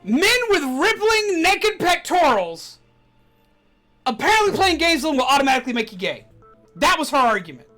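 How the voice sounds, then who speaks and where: Brief: woman streamer, high voice, profane casual rant, faint game music behind. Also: normal speed. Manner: animated, swearing, laughing ranting. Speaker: streamer host. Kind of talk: casual ranting chat.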